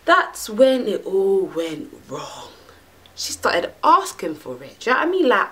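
A young woman vlogging straight to camera, brash and full of slang and swearing. Her voice sits a little high and swoops all over the place as she rants, lively and expressive throughout. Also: moderate pace, a little hiss or hum. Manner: brash, animated and profane, heavy slang. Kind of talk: casual monologue to camera.

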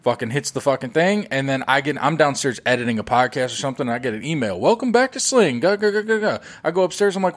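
A man hosting a podcast, chatting casually and telling profane, animated stories full of acted-out quotes. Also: medium pitch, quick pace, few pauses. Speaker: podcast host. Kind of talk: casual chat.

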